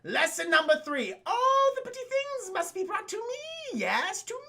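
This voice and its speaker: A man mocking a scrawny old male villain who rules a sewer, giving drawn-out, shrill commands. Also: wildly swooping pitch, creaky, pushed and bright, full character voice. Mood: shrill commanding. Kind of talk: mocking impression while recapping.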